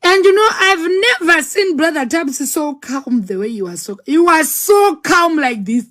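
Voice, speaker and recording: A woman tells her own story in a fairly high voice. She performs it dramatically, acting out each scene and throwing in sound words. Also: lively intonation, a little slow, a bit bright. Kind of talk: personal storytelling.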